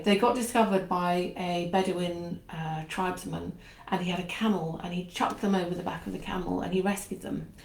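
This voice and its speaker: A woman's voice: lowish voice, darkish tone, roomy sound, low-quality recording. A woman hosting her own channel, chatting casually and wandering into asides before a book reading in her conservatory. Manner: chatty and meandering, with frequent asides. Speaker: channel host. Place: home conservatory.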